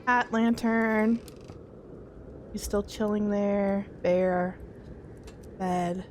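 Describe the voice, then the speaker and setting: A woman's voice: mid-range voice, fairly even intonation, extremely slow, a little hiss or hum. A young woman streaming a horror game, jittery and talking to her chat as she checks things off aloud. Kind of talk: casual horror game let's play.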